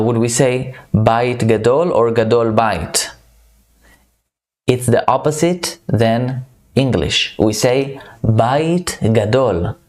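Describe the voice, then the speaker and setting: A man's voice: mid-range voice, a little mellow. A man teaching a beginner vocabulary lesson, repeating each word several times. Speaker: Hebrew teacher.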